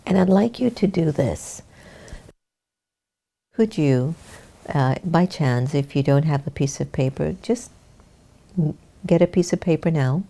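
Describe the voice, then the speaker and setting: Low, mellow-voiced woman spiritual teacher. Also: gravelly. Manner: chatty storytelling that slows into calm, unhurried teaching; addresses her audience directly, inviting them to share and take part. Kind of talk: casual talk and meditation teaching.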